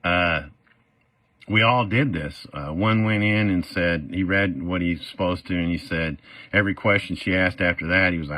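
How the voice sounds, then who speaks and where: A man's voice: low-pitched, normal speed, sharp tone, no echo. A middle-aged man telling his own story in a casual, rambling way, full of fillers and acted-out quotes. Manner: rambling, many "uh" fillers, acts out quoted voices.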